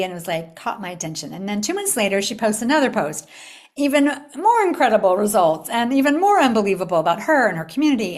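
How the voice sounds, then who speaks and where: A middle-aged woman from the United States hosting a live spiritual retreat talk, telling a story with upbeat invitations and soft, hushed stretches. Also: mid-range voice. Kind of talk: live online talk to a group.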